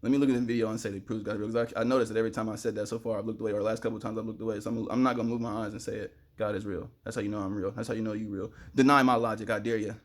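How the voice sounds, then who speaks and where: A young man with a fairly low voice rambles fast and preachy straight to the camera, talking about spiritual matters. He sweats in the heat and bursts out loud now and then. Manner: fast, excitable, preachy, sudden loud outbursts.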